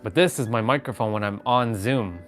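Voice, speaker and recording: Faint music runs behind this man's fairly low voice, delivered at a normal speed. He's a vlogger chatting casually on a live stream from his phone at home, rambling and calling out viewers by name, recorded on a phone mounted on a gimbal.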